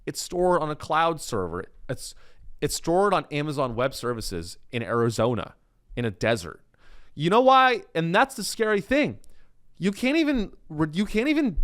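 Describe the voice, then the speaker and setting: Animated sarcastic man ranting. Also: fairly high pitch, dry recording, studio quality. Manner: sarcastic, animated rants with self-interruptions. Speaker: comedy podcast host. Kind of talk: comedic monologue.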